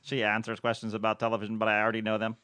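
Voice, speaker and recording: A man's voice: on the low side, completely flat delivery, rapid-fire, pushed and bright. Male co-host, casual banter, needles his pals. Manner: teasing, laughs often. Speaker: podcast co-host. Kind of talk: casual chat.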